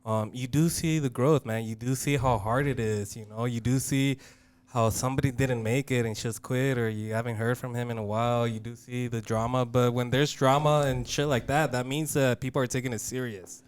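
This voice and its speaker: A man's voice: medium pitch, steady tone, a little fast, clean tone. Brief: man, co-host, with a clean, resonant voice. Rambling and earnest, he trips over his first words before he gets going. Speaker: podcast co-host. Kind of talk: casual podcast chat.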